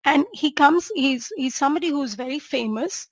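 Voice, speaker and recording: An Indian woman doctor who teaches homeopathy lectures on a clinical case, drawing her listeners in with questions. Her voice is high and her pace normal, with no room sound. She's engaging, checking in with the audience and posing rhetorical questions.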